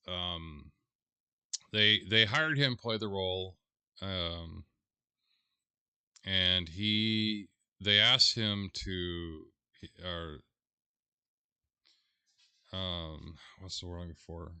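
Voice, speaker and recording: A man giving casual commentary on a video, halting and searching for his words. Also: low-pitched, pushed and bright, smooth, no echo. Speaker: video reviewer.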